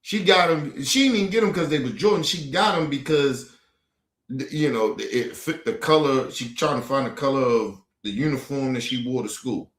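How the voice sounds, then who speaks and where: A man's voice: mid-range voice, moderate pace. Indignant, swearing man in echoey room. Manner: indignant, blunt, heavy swearing. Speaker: streamer reacting to clips. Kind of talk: casual profane commentary. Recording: roomy echo.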